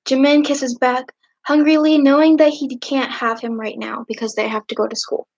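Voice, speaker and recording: A woman reads fanfiction aloud on a livestream in a casual, high voice. She keeps breaking off for giggly, chatty asides. The stream audio sounds muffled and lo-fi. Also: steady tone, normal speed, darkish tone. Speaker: livestream host.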